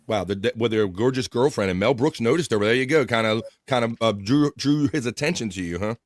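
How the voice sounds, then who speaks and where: A man's voice: mid-range voice, brisk, no echo, studio quality. A man hosting a casual interview, eagerly asking his guest questions. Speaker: host.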